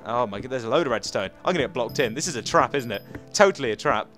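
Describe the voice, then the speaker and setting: A young man, excitably chatting his way through a video game as its host. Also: mid-range voice, quick pace, soft background music. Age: young adult. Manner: excitable, chatty, talks to himself. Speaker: gamer host.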